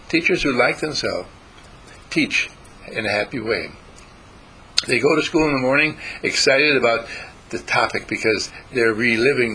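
A man giving a spiritual talk to a group, halting and repeating words as he teaches. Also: medium pitch, vocal fry, pushed and bright, slightly rough, poor audio. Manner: halting, repeats words, acts out quoted voices.

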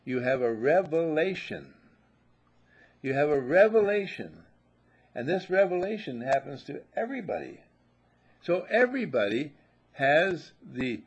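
A man's voice: medium pitch, husky. A man giving a spiritual talk, musing and telling stories, and sometimes repeating himself. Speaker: spiritual teacher.

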